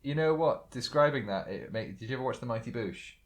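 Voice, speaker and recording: A man who is a guest on a casual movie commentary, deadpan and dismissive, cracking jokes. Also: mid-range voice, fairly quick. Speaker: podcast guest.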